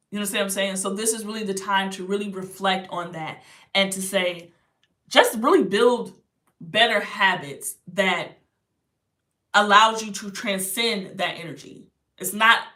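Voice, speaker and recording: A young woman speaks in a bright, forward voice, giving casual motivational advice as a spiritual healer. She is blunt and full of slang, and keeps asking whether the listener follows her. Her pitch sits mid-range for a woman. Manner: blunt, slangy and emphatic, with frequent check-ins to the viewer. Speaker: spiritual healer and astrology reader. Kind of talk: casual motivational talk to camera.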